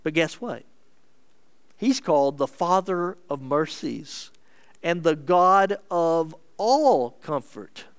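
A man preaching a sermon as pastor, earnest and measured, moving between emphatic lines and hushed ones. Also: on the high side, lively intonation, clear, resonant tone.

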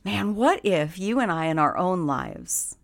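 A woman's voice: on the low side, big pitch swings, unhurried, vocal fry. A woman hosting a devotional podcast, earnest and encouraging, with frequent laughs. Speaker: podcast host giving a devotional.

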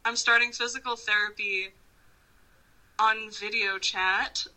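Bright, swearing woman guest. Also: mid-range voice, steady tone, slow pace, rough recording. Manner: profane, laughing, rambling. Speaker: podcast guest. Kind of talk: casual phone chat.

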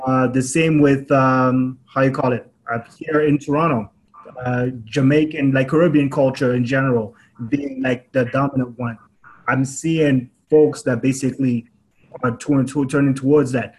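A man's voice: medium pitch, steady tone, moderate pace, low-quality recording. A man co-hosting a podcast in a mid-range voice, working through his explanation with plenty of "um" and "like" along the way. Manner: hesitant, many fillers while explaining. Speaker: podcast co-host. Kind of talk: casual discussion.

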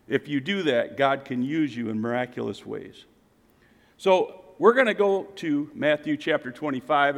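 A pastor preaching to his congregation, swinging between loud emphatic calls and quiet, low asides. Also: gravelly. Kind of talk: sermon. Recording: reverberant hall.

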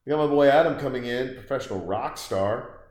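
Recording from a room at home with noticeable echo, this podcast host riffs sarcastically and casually while reacting out loud to a film. He talks briskly at a medium pitch with a somewhat dark tone.

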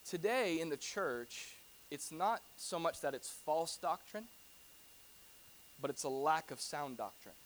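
A man preaching a sermon to his church in a conversational, animated way, with humorous asides to the congregation. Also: a little high, measured pace, a little hiss or hum. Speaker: pastor.

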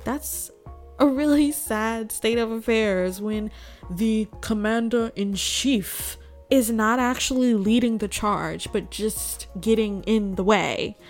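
A woman's voice: a little high, takes it slowly, faint music behind. A woman hosting a political news commentary, talking sarcastically and throwing out rhetorical questions to her viewers. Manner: sarcastic, asks rhetorical "guess what" questions. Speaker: host.

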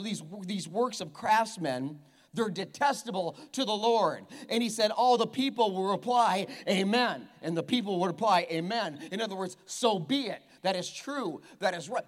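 A pastor in a church, preaching with a playful, teasing edge. His voice sits high for a man and jumps all over the place as he jokes with the congregation. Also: expressive, moderate pace. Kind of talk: sermon. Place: church hall with a live congregation.

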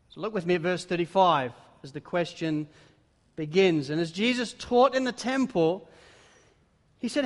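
A man preaching a sermon, with dramatic swings between loud exclamations and hushed emphasis. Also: high-pitched, lively intonation, moderate pace, long pauses. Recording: long hall reverb.

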